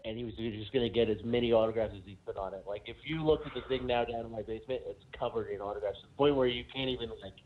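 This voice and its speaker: A man's voice: medium pitch, racing, hardly any pauses, slight background noise. A man co-hosting a sports podcast, telling a rambling story with lots of fillers in casual chat. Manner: rambling anecdote with many fillers. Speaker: podcast co-host. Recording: phone-like narrow sound.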